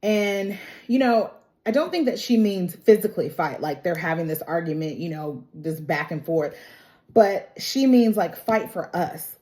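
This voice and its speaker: A woman's voice: on the low side, animated, unhurried, a little mellow. A woman talking to camera in a casual, emotional recap of a TV drama episode, chatty, with frequent "like" and "y'all". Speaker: TV episode reviewer.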